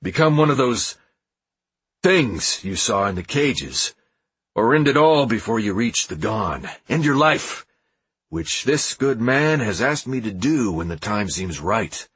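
A cold, composed leader gives orders in a storybook, calm and measured, as a male narrator puts him on. His voice sits low and husky, close and dry. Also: no room sound, exaggerated voice.

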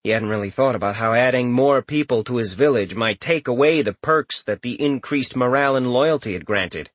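A man reading an audiobook aloud in a lively, expressive way. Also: medium pitch, a little fast, dry recording. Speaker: audiobook narrator. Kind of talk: scripted narration.

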